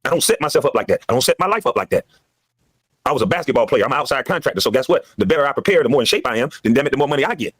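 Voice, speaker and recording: Man in a fast, lively rant. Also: medium pitch, dry recording. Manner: emphatic, repetitive ranting. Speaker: former basketball player. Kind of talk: heated monologue on a podcast.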